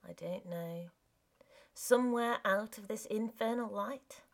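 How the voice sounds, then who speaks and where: A shabby middle-aged countryman, read by a woman, curt and brooding, his words choked. Read slowly and low-key, close to the reader's own voice. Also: vocal fry. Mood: shaken.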